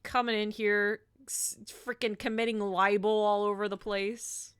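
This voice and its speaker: A woman streamer chatting casually to her viewers while playing, playfully indignant, jumping between loud exclamations and grumpy mutters. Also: medium pitch, little pitch movement, a little slow, clean tone, no room sound, clean studio sound. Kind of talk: casual live-stream chat.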